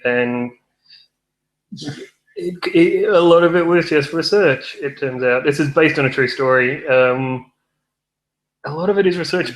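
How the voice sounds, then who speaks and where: A young man with a mid-range voice, co-hosting a film review chat and rambling through his points with dry wit and plenty of restarts. A roomy echo trails his words. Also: medium pitch. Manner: rambling, wry, many fillers and restarts. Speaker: film review podcast co-host. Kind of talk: casual chat.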